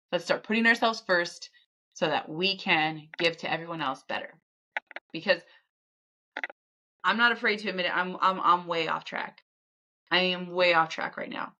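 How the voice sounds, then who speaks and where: A woman's voice: lowish voice, pushed and bright. A woman podcast host speaking candidly in a raw, emotional motivational monologue, often repeating herself.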